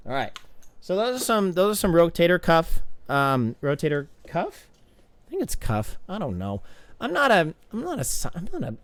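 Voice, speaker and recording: A man reviewing swim technique on video as a coach, talking in an excitable, rambling way and often correcting himself. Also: a little high, clear, resonant tone, no echo.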